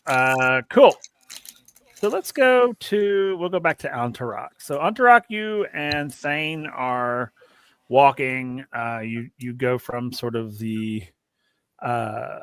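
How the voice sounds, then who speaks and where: A man running a tabletop game as game master, chatty and loose, laughing often and filling pauses. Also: mid-range voice, a bit bright, dry recording. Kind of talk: narrating a tabletop game over a live stream.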